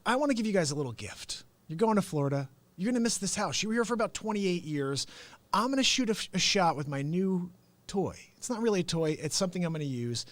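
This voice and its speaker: Male live-streaming host, high and very expressive, animated storyteller who does impressions, dry close recording. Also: no echo. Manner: laughs often and talks straight to viewers. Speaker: host and real estate agent. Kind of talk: unscripted live-stream talk.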